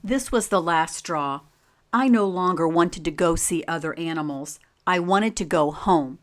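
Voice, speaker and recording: A woman reading a children's picture book aloud as a teacher, pausing to ask the listeners simple questions. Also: on the low side. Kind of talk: slow read-aloud storytime with questions.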